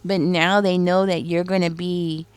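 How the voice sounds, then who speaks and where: A woman's voice: lowish voice, little pitch movement, measured pace, clear, resonant tone, no room sound. A woman giving a casual spoken tarot reading, rambling with many fillers and briefly acting out other people's reactions. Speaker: tarot reader.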